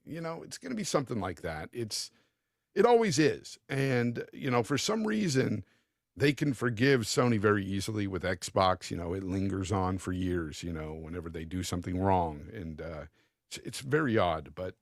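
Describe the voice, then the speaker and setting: A man's voice: low-pitched, very animated, moderate pace, gravelly, dry recording, studio quality. A man co-hosting a casual gaming podcast, rambling and repeating himself, with a casual swear now and then. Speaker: podcast co-host.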